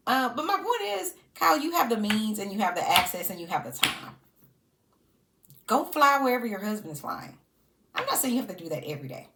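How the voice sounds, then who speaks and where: Sassy, animated woman giving commentary. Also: mid-range voice, fairly quick. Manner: sassy, animated, laughs often. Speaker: reality TV commentator. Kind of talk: casual reaction commentary.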